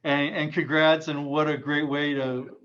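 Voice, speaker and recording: Man, bright tense voice, flat delivery, muffled video call audio. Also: on the high side, a little slow. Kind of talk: casual meeting chat.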